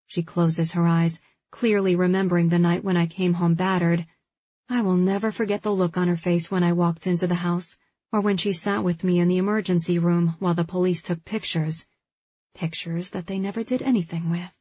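A woman reads a first-person novel aloud in a measured, heartfelt way. Her voice is husky and lowish. The recording is dry and slightly dull. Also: little pitch movement, mellow, no echo. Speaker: audiobook narrator. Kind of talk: first-person scripted narration.

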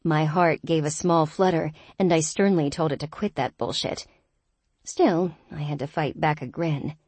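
A woman's voice: low-pitched, unhurried, a little mellow, slightly rough, dry recording. A woman narrating a first-person audiobook in a wry, lightly humorous storytelling manner.

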